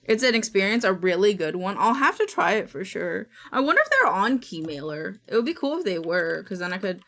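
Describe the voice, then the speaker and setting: A woman's voice: mid-range voice, sing-song, fairly quick, fairly bright tone. A woman streaming live, chatting casually and rambling while reading on-screen text aloud. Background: music playing.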